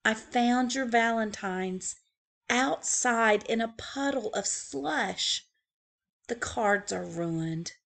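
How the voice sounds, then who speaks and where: A caring mother turtle in a picture book, read by a woman. She speaks slowly, with lively shifts of pitch. The voice has a slightly gravelly texture. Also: full character voice. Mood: sorry.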